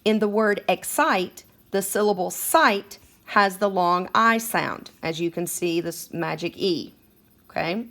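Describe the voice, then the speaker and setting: A woman's voice: on the low side, slow, fairly bright tone. A woman teaching a second grade phonics lesson, patient and encouraging as she sounds out words for children.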